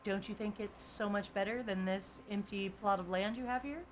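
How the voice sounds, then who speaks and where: Woman streamer, casual rambly live-stream chat, quick laughs, average pitch, faint noise behind. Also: steady tone. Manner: rambling and chatty, full of "like" and "you know", laughs often. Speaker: game streamer. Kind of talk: casual live-stream chat, reading viewer comments aloud.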